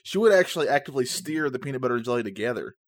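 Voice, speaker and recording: A man who is not a native English speaker co-hosts a casual podcast, with lively, swinging intonation and a frequent laugh. The dry, close sound of his own new studio microphone carries his joking banter. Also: medium pitch, rapid-fire, dry recording. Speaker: podcast co-host. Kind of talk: casual chat.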